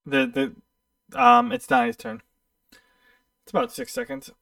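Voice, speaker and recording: A man running a tabletop game as game master, relaxed and hesitant, with lots of ums. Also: very high-pitched, measured pace, vocal fry, no room sound, recorded from a distance. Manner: relaxed, hesitant, filler-heavy.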